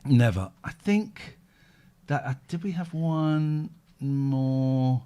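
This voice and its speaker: A man's voice: mid-range voice, drawn-out words, mellow, smooth. A man with a British accent hosting a casual chat show, rambling and interrupting himself with bursts of laughter. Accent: British English. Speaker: podcast host.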